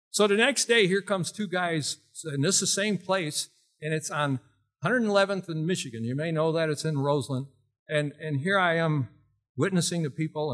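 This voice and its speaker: A man's voice: on the high side, a bit bright. A middle-aged man preaching a storytelling sermon in a folksy way, quizzing his congregation as he goes. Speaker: pastor.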